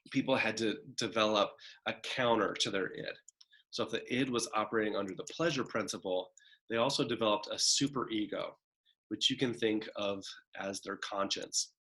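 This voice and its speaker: A man delivers a recorded college psychology lecture with a somewhat low voice. He talks casually, filling his points with "right?" and "kind of" as he walks through slides. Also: a bit bright. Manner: conversational, frequent "right?" and "kind of" asides; acts out a demanding child's voice in examples.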